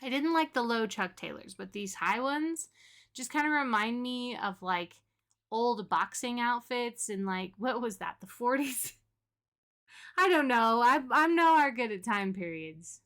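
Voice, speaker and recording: A woman with a fairly high voice gives chatty, casual commentary on a game. Her manner is relaxed and giggly. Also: a little slow. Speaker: gaming creator.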